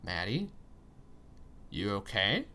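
A kind young man speaks softly to a shaken friend, steady and reassuring, as a storyteller puts him on. His voice sits low and calm within a storybook reading. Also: slow pace, full character voice. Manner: gentle, reassuring.

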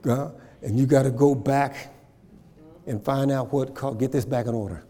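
A man's voice: medium pitch, normal speed, mellow, long reverb tail. A man preaching a sermon, repeating phrases and checking in with his congregation. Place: church.

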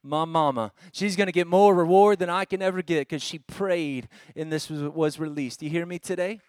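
A middle-aged man preaching a sermon as a guest at a church service, energetic and conversational, mixing stories and asides. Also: on the high side, moderate pace, clear, resonant tone, dry recording, clean studio sound.

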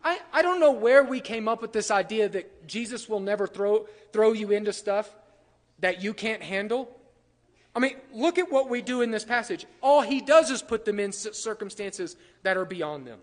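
A man's voice: sits high, animated, normal speed, long reverb tail. A man preaching a sermon in a conversational way, often asking the congregation questions. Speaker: pastor.

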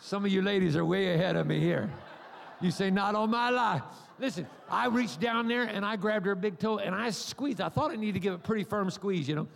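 A high-pitched, gravelly man preaching in a large church hall, his voice trailing off into long reverb. He tells his stories with a rambling, jokey energy and acts out the people in them. He is a middle-aged preacher from the United States. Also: fairly quick, a little hiss or hum. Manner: animated, acts out voices and cries; humorous, rambling asides. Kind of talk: sermon with storytelling.

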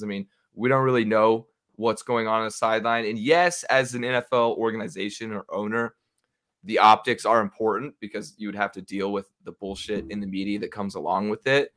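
A young man with a fairly low voice, talking through sports news with a buddy. His delivery is casual, loose and opinionated, sprinkled with swearing. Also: fairly even intonation, normal speed, fairly bright tone. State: hiccups.

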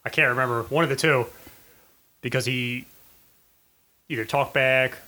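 A man's voice: medium pitch, steady tone, normal speed, sharp tone, rough recording. A man co-hosting a podcast, telling stories in a casual, wry and rambling way. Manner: wry, reluctant, rambling storyteller. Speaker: podcast co-host. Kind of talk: casual banter.

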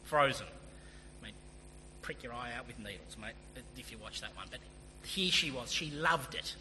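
A male pastor delivers an earnest, emphatic sermon, slipping into casual asides. His voice is very bright and cutting. It rings in a long church-hall reverb over a faint hum. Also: mid-range voice, animated, normal speed.

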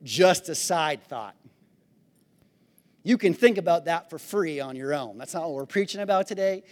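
High-voiced preaching man in a reverberant hall. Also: animated, moderate pace. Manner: shouted praise then conversational asides. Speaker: pastor. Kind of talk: sermon. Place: church sanctuary.

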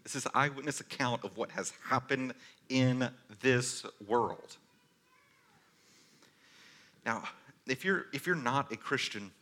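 A male pastor delivers a sermon in earnest, storytelling fashion. His voice is bright and clear at a middling pitch, and he swings from forceful emphasis to quiet, intimate moments. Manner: earnest storytelling, varies loudness from forceful to hushed.

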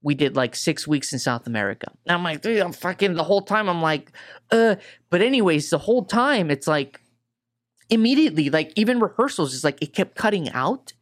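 A man's voice: high-pitched, expressive, fairly quick. Rambling man telling a tour story. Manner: rambling, swears a lot, says "dude" and "like" constantly. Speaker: guitar tech guest. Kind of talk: casual chat.

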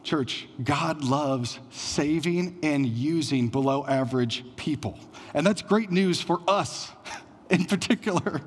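A man's voice: a little high, takes it slowly, husky, big-room sound. A man preaching a sermon as pastor, in a conversational style with frequent fillers.

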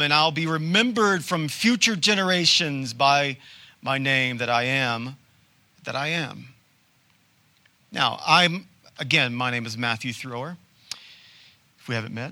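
Bright-voiced pastor preaching conversationally. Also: male voice, mid-range voice. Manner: conversational preaching with rhetorical questions and dramatic pauses. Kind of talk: sermon.

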